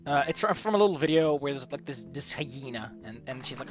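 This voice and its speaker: A man's voice: on the high side, lively intonation, brisk, music in the background. A man giving casual gameplay commentary, rambling and swearing freely as he tells a story. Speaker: let's play streamer.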